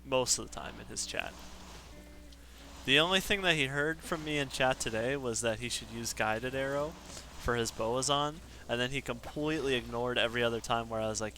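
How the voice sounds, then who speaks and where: A man's voice: medium pitch, moderate pace, pushed and bright, slight background noise. A man streaming a game live, chatting casually and self-deprecatingly with his viewers. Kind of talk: casual live-stream chat while gaming.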